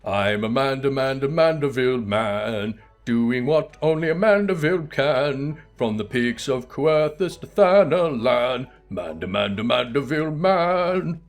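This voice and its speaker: A man voicing a boisterous, showy nobleman in a game, half-chanting his lines loudly. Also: on the high side, big pitch swings, extremely slow, long pauses, slightly rough, faint music behind, pitched above the performer's own voice, heavily acted. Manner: loud, half-sung chanting.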